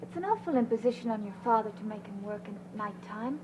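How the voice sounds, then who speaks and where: An actress playing a kind young caretaker who soothes and reassures. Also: female voice, medium pitch, expressive, fast talker, dark tone, a little hiss or hum, close to an everyday voice. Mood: concerned. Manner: soothing, concerned. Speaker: caretaker friend.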